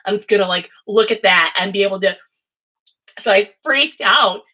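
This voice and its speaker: Bright-voiced rambling woman streamer. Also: medium pitch, moderate pace, low-quality recording. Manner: rambling, chatty, swears freely. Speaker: host and tarot reader. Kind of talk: casual livestream chat.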